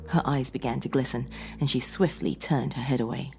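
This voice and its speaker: A woman narrating a horror audiobook in an expressive, dramatic way. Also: extremely low pitch, brisk, creaky, few pauses, soft background music.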